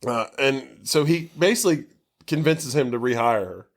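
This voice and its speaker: A man on a podcast walking through a movie's plot in a loose, rambling way. He swears freely and fills his sentences with "like" as he goes. His voice sits at an ordinary, middle pitch. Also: moderate pace. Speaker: podcast co-host. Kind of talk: casual movie recap chat.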